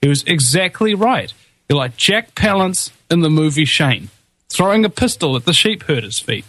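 A man's voice: on the high side, big pitch swings, normal speed, fairly bright tone, no echo. A man hosting a talk radio show, fervent and rallying, with frequent hesitations and restarts. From New Zealand. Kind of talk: impassioned talk radio commentary.

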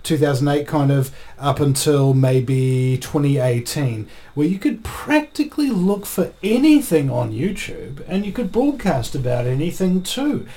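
A man's voice: fairly high pitch, very animated, a little slow, hardly any pauses, warm tone. A man from New Zealand, a guest on a live stream, speaking with many hesitant fillers. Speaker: guest activist.

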